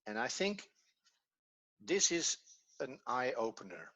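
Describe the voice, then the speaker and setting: A man's voice: medium pitch, very animated, takes it slowly, bright, forceful tone, dull audio. A man with a Dutch accent, a native Dutch speaker teaching a language lesson in English, patiently repeating key words as he explains. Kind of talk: classroom lesson.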